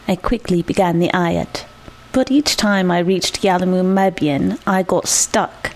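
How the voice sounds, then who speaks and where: A woman reading a short story aloud, measured and reflective. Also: fairly low pitch, darkish tone. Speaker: narrator.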